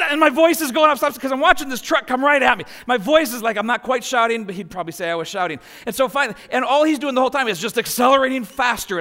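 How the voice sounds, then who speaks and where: This sermon comes from a man in his forties whose high-pitched voice has a slightly bright quality, echoing with long hall reverb. As pastor, he tells family stories and lets his voice climb higher while they unfold.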